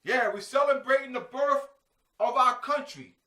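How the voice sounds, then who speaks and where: A man's voice: very high-pitched, moderate pace, bright, forceful tone, voice pushed up. A man putting on the voice of a proud, cheering patriotic American, drawn out in exaggerated sing-song mockery. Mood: mocking. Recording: echoey room, mic at a distance.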